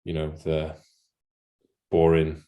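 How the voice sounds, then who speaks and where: A young man with a Welsh accent and a very low, deep voice talks about his farm in a relaxed interview. He is a native Welsh speaker who stops and restarts often, filling the gaps with ums. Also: slow, lo-fi sound. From mid Wales. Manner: hesitant, with many ums and restarts. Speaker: guest poultry farmer. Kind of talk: casual interview chat.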